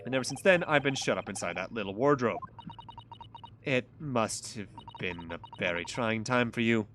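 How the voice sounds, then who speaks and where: A polite, hesitant young man, as a game player reads his lines, asking questions carefully and a little lower than the reader's chatter. His voice stays soft, courteous and tentative. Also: moderate pace, a little hiss or hum. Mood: weary. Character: polite hesitant young male lawyer hero.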